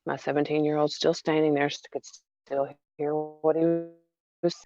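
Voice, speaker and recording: A mother talking through a hard personal story in a halting way, repeating herself with many fillers. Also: sits low, level tone, mellow, highs cut off, faint music behind. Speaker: mother vlogger. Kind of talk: emotional personal vlog.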